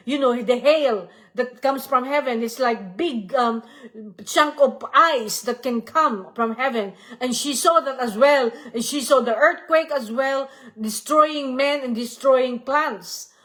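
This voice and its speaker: A woman teaches a devotional study in a fairly high voice. She talks slowly, restarts her sentences and repeats each point gently. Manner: halting, searching for words with many pauses and restarts. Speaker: Bible study leader.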